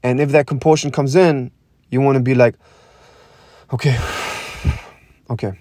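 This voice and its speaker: A young man hosting a podcast, talking in a raw, intense monologue that swears a lot, repeats itself and pauses to breathe. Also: mid-range voice, fairly even intonation, dark tone, no echo. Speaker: podcast host.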